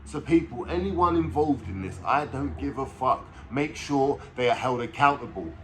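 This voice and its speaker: A man's voice: mid-range voice, moderate pace, a little hiss or hum. A man giving a blunt, impassioned reaction-video commentary, swearing often. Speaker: vlogger.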